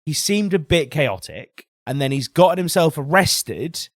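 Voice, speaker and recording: A man's voice: on the high side, big pitch swings, measured pace, no room sound, studio quality. A man co-hosting a podcast in casual chat, talking emphatically and swearing now and then. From Britain. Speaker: podcast co-host.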